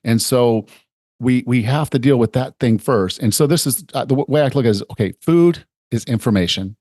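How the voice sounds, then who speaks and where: A man's voice: medium pitch, fairly quick, darkish tone, dry recording, studio quality. A middle-aged man hosting a fitness podcast, explaining ideas in a chatty way and acting out little examples. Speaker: podcast host and fitness coach. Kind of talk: conversational interview.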